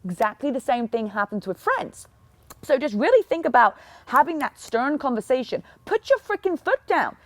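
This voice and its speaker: A young woman hosting a podcast, giving an energetic, emphatic motivational talk and acting out other people in quick asides. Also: high-pitched, dry recording. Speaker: podcast host and fitness coach.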